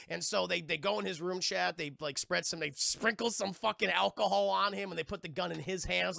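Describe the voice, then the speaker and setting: A man streaming live, excitedly recapping a TV episode for his chat, profane and acting out the characters' lines. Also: high voice, fairly quick, gravelly, no echo, clean studio sound. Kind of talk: animated live-stream recap with acted-out quotes.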